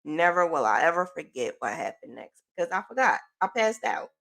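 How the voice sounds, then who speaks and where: A middle-aged woman hosting a podcast, telling a personal story in a chatty, animated way with sighs and self-corrections. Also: fairly low pitch, brisk, gravelly. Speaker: podcast host.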